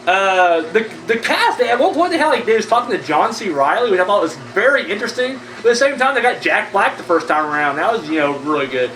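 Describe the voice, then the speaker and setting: A man's voice: sits high, sing-song, fast, hardly any pauses, a bit bright. A man giving casual, rambling horror movie news commentary, blunt and full of profanity. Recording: echoey room, mic at a distance, faint background noise.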